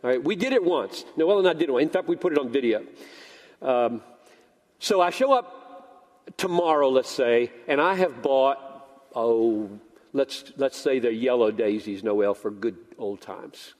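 A man's voice: mid-range voice, expressive, unhurried, a little mellow, big-room sound. An older man preaching a sermon as pastor, telling a story animatedly and acting out both sides of the dialogue. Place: church sanctuary.

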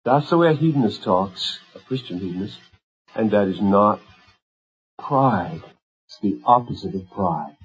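A man preaching a sermon with impassioned intensity, swinging from fervent, rising pleas to hushed, quiet emphasis. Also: on the low side, expressive, a little slow, long pauses, dull audio.

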